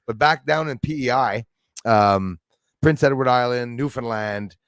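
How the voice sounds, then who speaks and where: A man whose first language is French, hosting a casual chat and telling animated stories with mimicked accents. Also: medium pitch, a little slow, no echo. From Canada. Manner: animated storyteller, mimics accents, laughs often. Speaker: channel host.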